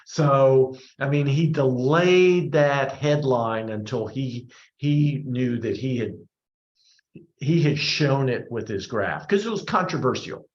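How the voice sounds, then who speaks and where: A man's voice: mid-range voice, lively intonation, takes it slowly. A man presenting a workshop, answering audience questions in a conversational way and often repeating words as he rethinks. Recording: roomy, dull lo-fi sound.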